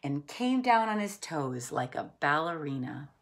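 A woman reading a children's picture book aloud, telling the story in an expressive storytelling way. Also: low voice. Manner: expressive, unhurried storytelling with voiced characters. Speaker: storybook reader.

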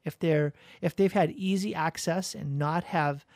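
A father co-hosting a talk about parenting, measured and thoughtful. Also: fairly high pitch, steady tone, darkish tone, no echo, studio quality. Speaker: podcast co-host, father. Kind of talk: casual conversation on parenting.

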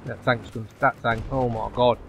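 A man giving live commentary over his own online shooter match, dropping to low muttering and then yelping loudly when the action heats up. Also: normal speed, gravelly, a little hiss or hum. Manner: excitable, swings from low muttering to loud yelps. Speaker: gaming YouTuber.

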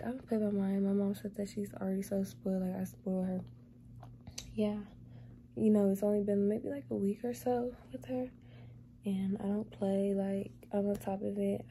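A young woman vlogging in a casual chat, doting and talking baby talk to her cat, sometimes drifting into soft whispers. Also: mid-range voice, creaky, slight background noise.

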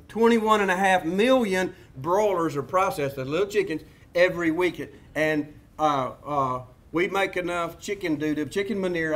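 A veterinarian with a Southern US drawl lectures a room of students in a folksy, joking way. His voice sits a little higher than most men's. He goes off on rambling asides and stumbles through restarts and "uh"s. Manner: jokey, rambling asides, repeats himself, many fillers. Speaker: veterinarian giving a seminar lecture.

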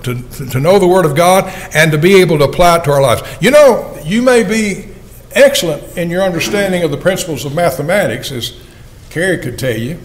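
A man's voice: high voice, poor audio. An older man, an evangelist, preaching a sermon in an earnest, folksy way and asking his listeners questions.

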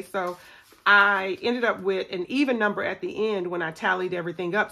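A woman's voice: medium pitch, a little hiss or hum. A middle-aged woman, chatting casually to viewers as she works through a savings challenge. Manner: chatty, excitable, talks to viewers as y'all. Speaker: budgeting vlogger.

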